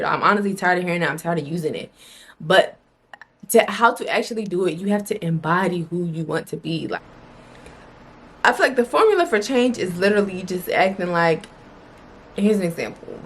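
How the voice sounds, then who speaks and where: A young adult woman vlogs to camera in a casual motivational style, her voice fairly low, husky, animated and fairly quick. She's blunt and emphatic, swearing freely and repeating phrases to drive her point home.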